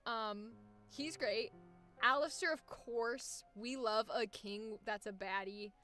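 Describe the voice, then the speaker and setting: A woman voice actor chatting casually on a livestream, excitable, laughing often and swearing freely. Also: on the high side, takes it slowly, faint music behind. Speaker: voice actor streaming with chat.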